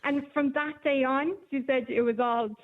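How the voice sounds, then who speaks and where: A woman's voice: high-pitched, steady tone, normal speed. A woman reporter, chatting casually on the radio and telling stories with plenty of ums. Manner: chatty storyteller with many ums. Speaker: newspaper reporter. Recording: phone line.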